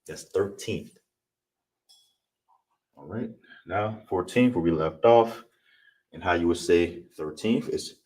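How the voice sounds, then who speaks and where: Low-voiced guy teaching online, keeps saying "all right?", sounds a bit far from the mic, faint hiss. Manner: repetitive, checks in with "you understand?". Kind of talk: online class lesson. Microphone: streaming setup.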